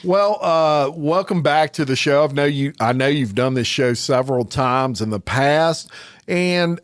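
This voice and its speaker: A man's voice: a little high, unhurried, dry recording. A middle-aged man hosting a podcast, chatting casually with a guest and laughing along. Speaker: podcast host. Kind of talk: conversational interview.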